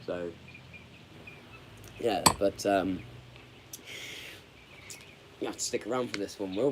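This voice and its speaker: A man chatting candidly on a live stream, rambling and halting. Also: lowish voice, background noise. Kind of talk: casual live stream chat.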